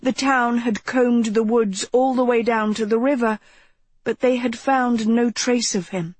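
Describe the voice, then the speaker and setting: A woman narrates a novel in a slow, steady storytelling voice. Her tone is soft and a little husky, recorded close and dry in a quiet booth. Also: fairly high pitch, no echo. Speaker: audiobook narrator. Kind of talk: scripted narration.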